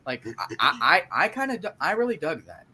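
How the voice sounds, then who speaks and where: A man's voice: fairly high pitch, big pitch swings, brisk, bright, forceful tone, husky. A man talking about a film in casual chat, enthusiastic and slangy. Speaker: film reviewer. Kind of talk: casual movie review chat.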